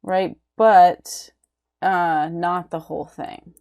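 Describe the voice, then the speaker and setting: A woman teaching an art lecture, halting, with many ums and restarts, often checking in with "right?". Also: on the low side, steady tone, a little mellow. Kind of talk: recorded lecture.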